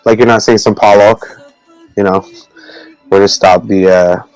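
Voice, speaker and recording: A man co-hosting a casual video call chat, teaching Tagalog words in a halting, rambling way with many fillers and frequent laughs. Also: on the low side, fairly even intonation, a little mellow, no echo, soft background music, low-quality recording. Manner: laughs often between words.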